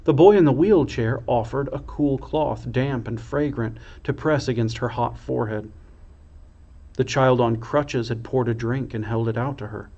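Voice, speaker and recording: A man, a priest, reading a children's storybook aloud in a slow, expressive way. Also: mid-range voice, dull audio.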